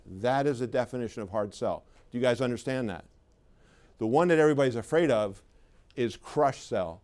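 A man's voice: mid-range voice, animated, normal speed, darkish tone. A middle-aged man giving a live sales training seminar, talking in a conversational, emphatic way and putting questions to the audience. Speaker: sales trainer for clinic owners.

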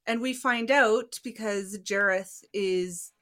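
A woman in her thirties co-hosting a casual movie review podcast, retelling the plot in an animated way with lots of "like". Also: medium pitch, takes it slowly. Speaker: podcast co-host.

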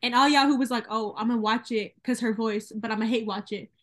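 A woman's voice: fairly high pitch, steady tone, brisk. Emphatic young woman in casual chat. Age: young adult. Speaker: podcast host.

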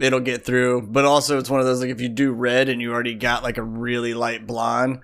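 Chatting casually, this man co-hosts a podcast and drifts through a long anecdote full of fillers and tangents. His mid-range voice is level and smooth, a little fast and slightly bright.

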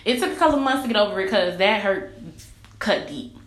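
A woman's voice: mid-range voice, animated, fairly quick. A young woman telling her own story in a candid vlog monologue, blunt and profane, driving her points home with repetition. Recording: echoey room with faint ambience.

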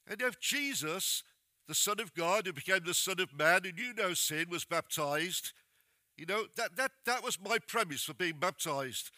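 A man preaches a sermon in a high, very bright and ringing voice. He is plain-spoken and direct as he urges his listeners on. The sound is close and dry. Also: expressive, moderate pace, no room sound.

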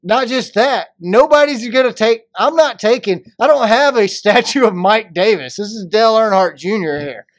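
A high-voiced man trades jokes and folksy slang as a podcast co-host. The sound is close and dry, with no room echo. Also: animated, normal speed, hardly any pauses. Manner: joking, folksy Southern slang. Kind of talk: casual chat.

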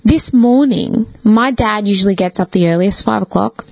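A woman's voice: mid-range voice, normal speed, vocal fry, darkish tone, no room sound. A woman co-hosting a podcast, telling a personal story in casual chat, swearing freely and leaning on "like". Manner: chatty, swears freely, leans on "like".

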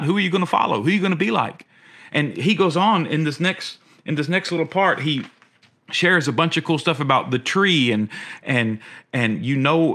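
A middle-aged man preaching a sermon as a pastor, earnest, often repeating his words and rising in pitch when he asks questions. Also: sharp tone.

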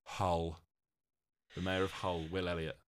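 A man's voice: low voice, level tone, a little slow. A man co-hosting a comedy podcast, dry and sweary with mock apologies. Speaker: podcast co-host and quiz contestant. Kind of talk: casual comedic podcast chat.

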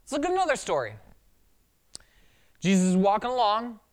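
Pastor, sermon, conversational preaching, animated pitch, acted quotes. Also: fairly quick.

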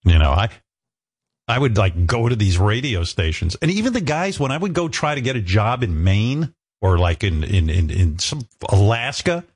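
A man's voice: on the low side, very animated, normal speed, slightly rough. A male talk show host telling a story in a rambling, self-mocking way, with some swearing. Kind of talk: casual talk show chat.

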